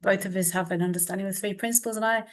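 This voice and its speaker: A woman's voice: medium pitch, steady tone, very fast. A woman co-hosting a group video call, thanking speakers and moving the talk on in a friendly way. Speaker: co-host.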